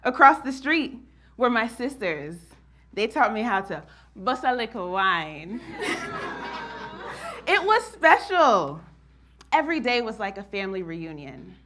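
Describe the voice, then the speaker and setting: Lively bright-voiced woman telling a story. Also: mid-range voice, moderate pace, slight background noise. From New Jersey, USA. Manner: expressive, animated storytelling with frequent laughs. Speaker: monologue performer. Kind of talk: performed spoken-word monologue.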